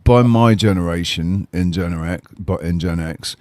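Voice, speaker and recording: Deep voiced guy, hesitant, lots of ums, dry close sound. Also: a little mellow, no echo. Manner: halting, hesitant, with many ums and restarts. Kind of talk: casual podcast chat.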